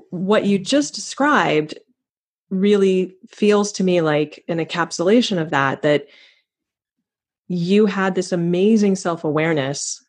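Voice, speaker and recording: A woman hosting a podcast, speaking in a thoughtful, affirming and measured way. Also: lowish voice. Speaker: podcast host. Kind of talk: reflective interview chat.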